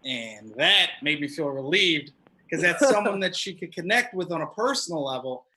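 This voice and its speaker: A man on a comedy club stage, telling a loose, profane stand-up story and slipping into quick impressions of the people in it. His voice is very bright and forward, pitched a little above the usual for a man. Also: expressive, poor audio.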